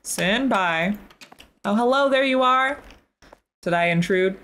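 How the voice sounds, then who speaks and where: A woman hosting a gaming channel, reacting nervously out loud and talking to the characters as she plays. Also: medium pitch, expressive, slow pace. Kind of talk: let's play commentary. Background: game music.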